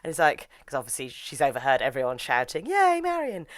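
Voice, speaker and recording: A woman's voice: rumbling low, steady tone, fast, no echo. A woman, casually retelling an anime episode in a chatty review, with lots of "like" as filler.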